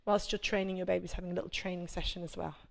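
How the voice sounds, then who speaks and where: A woman's voice: lowish voice, level tone, very fast, gravelly. A woman, a prenatal fitness instructor, coaching a live workout class with chatty, encouraging cues and check-ins.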